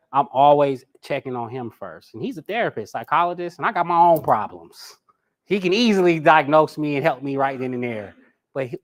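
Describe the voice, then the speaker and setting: A man teaching a live personality class in a lively way, talking straight to his audience. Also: medium pitch. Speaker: personality coach.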